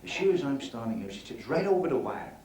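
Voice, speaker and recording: An actor playing a crude, cheeky middle-aged club comic from Belfast, with a Northern Irish accent, doing a bawdy stand-up routine on stage. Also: male voice, mid-range voice, sing-song, fast talker, slight background noise, close to an everyday voice. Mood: cheeky patter. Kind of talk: 1970s TV drama, stand-up routine. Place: club stage before an audience. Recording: roomy club hall, loud audience.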